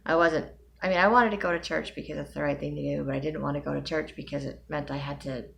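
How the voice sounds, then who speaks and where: A middle-aged woman vlogging casually, tired with a migraine, rambling with sighs and soft laughs. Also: low voice, fairly even intonation, quick pace, creaky. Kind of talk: casual personal vlog.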